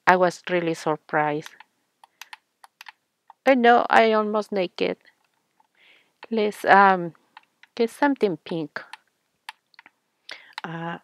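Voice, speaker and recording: Slow, soft-spoken woman narrating gameplay. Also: mid-range voice. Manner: soft-spoken, slow, with frequent fillers and small laughs. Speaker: gaming channel host. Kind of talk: casual gameplay commentary.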